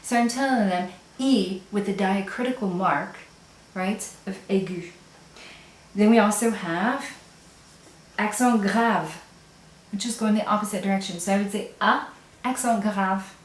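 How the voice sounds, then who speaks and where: Woman, patient teacher, step-by-step explaining, mid pitch, echoey room. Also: measured pace, long pauses. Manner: patient, explains step by step, often checks in with "right?". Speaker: French teacher. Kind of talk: video language lesson.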